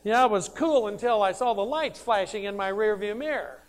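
A man's voice: sits high, expressive, normal speed. A man preaching a sermon, emphatic and conversational, who asks questions and answers them himself.

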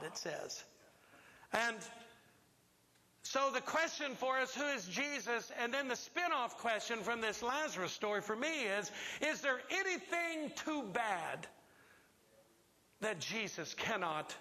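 Man preaching in a church, high bright voice, keeps asking the crowd stuff, echoey hall. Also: big pitch swings, normal speed. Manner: emphatic, asks the congregation questions. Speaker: pastor. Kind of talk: sermon. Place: church sanctuary.

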